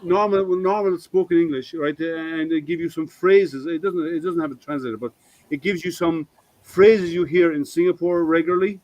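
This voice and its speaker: A man's voice: fairly high pitch, moderate pace, a little mellow, muffled recording. A man hosting a casual maker hangout, rambling with lots of ums and restarts. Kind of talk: casual chat.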